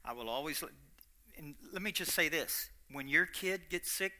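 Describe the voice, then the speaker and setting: Brief: folksy Kentucky preacher, fairly high voice, swings from soft to loud. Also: male voice, moderate pace. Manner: animated, folksy, repetitive, swings between quiet and loud. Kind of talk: sermon.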